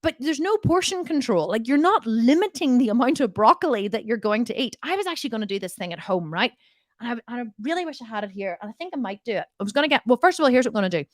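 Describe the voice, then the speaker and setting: Woman, diet coach, live Q&A, blunt, laughs a lot, swinging pitch, dry close mic. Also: very animated, quick pace, dry recording. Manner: blunt, laughs often, swears jokingly. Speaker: diet coach answering viewer questions. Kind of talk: live Q&A, casual and direct.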